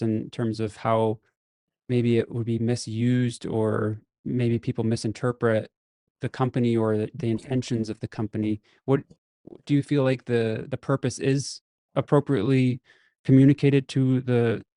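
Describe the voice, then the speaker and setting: A man's voice: medium pitch, flat delivery, moderate pace, dark tone, no echo, clean studio sound. A man hosting an interview, asking thoughtful, probing questions. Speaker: interview host.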